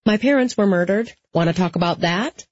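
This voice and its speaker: A woman's voice: lowish voice, expressive, slow, warm tone, breathy edge, heavily acted. A woman doing a snappy sarcastic young woman. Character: sharp-tongued young pregnant woman. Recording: slightly dull lo-fi.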